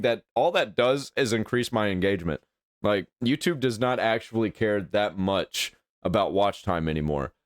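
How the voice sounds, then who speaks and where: A man's voice: on the low side, no echo, studio quality. A man hosting a reaction video, talking bluntly in casual commentary and swearing as he rants.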